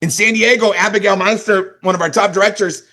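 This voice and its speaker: A middle-aged man from California giving an energetic motivational sales talk, hammering catchphrases and checking in with "right?" and "okay?". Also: sits high, brisk. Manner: emphatic, repeats catchphrases, asks "right?" and "okay?".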